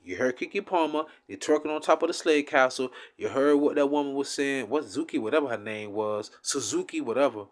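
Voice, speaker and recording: A man giving an impassioned, profane religious rant, swinging between loud outbursts and low mutters. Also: fairly quick, few pauses. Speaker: religious commentator.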